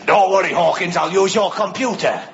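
A man's voice: sits high, fairly quick, gravelly, over a noisy crowd, heavy background noise. A man performing a rambling, chatty stand-up set. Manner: rambling, chatty, keeps asking right. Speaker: stand-up comedian. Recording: muffled live club recording.

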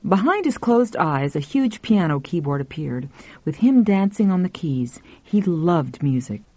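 Narrator, woman, audiobook, lively delivery, dry muffled recording. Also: fairly low pitch, a little slow, no room sound.

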